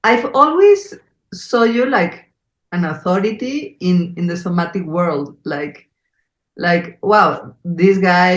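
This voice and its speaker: Slow-talking woman with a Mexico City accent. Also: on the low side, reverberant, low-quality recording. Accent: Mexico City Spanish. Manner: earnest, effusive, many fillers. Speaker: podcast host. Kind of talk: conversational interview.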